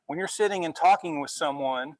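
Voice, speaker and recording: A male university instructor giving a relaxed classroom lecture, often checking in with "okay?" as he goes. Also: a little high, a little fast, no echo, poor audio. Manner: conversational, frequent "okay?" check-ins.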